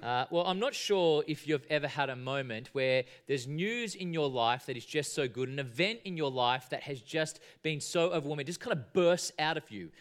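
A man's voice: on the high side, lively intonation, normal speed, few pauses. An Australian man in his thirties, an assistant minister giving a conversational sermon in a church with a joking tone and frequent fillers.

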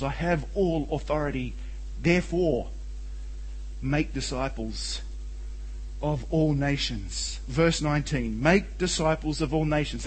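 A man's voice: fairly high pitch, husky, low-quality recording. A man preaching a sermon as a pastor, earnest and emphatic, with rhetorical questions. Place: church.

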